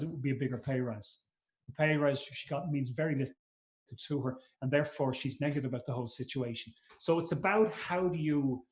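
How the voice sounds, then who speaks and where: In a conference room with a roomy echo, a middle-aged man running a live masterclass talks conversationally as a trainer. His voice is high-ish with a darkish tone, and he repeats words and acts out short quotes.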